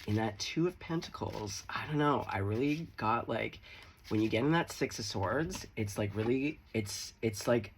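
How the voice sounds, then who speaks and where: Lively, gravelly-voiced man reading tarot. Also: on the low side, a little hiss or hum. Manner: chatty, swearing, playful asides. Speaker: tarot reader. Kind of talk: casual tarot reading to camera.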